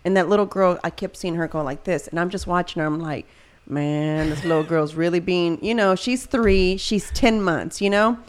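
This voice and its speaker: A woman in casual chat, an animated storyteller who leans on fillers, talking about her baby daughter. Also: lowish voice, moderate pace, few pauses. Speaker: podcast co-host.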